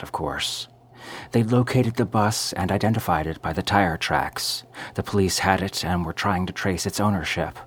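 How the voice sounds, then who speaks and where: A man narrating a first-person story in a measured, brooding way. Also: deep voice, husky.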